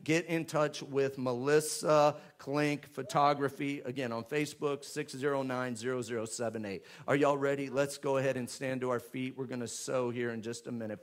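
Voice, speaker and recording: A man, a pastor making church announcements in a chatty, joking way before rising into loud, fervent prayer. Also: mid-range voice, steady tone, normal speed, hardly any pauses. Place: church sanctuary with live congregation.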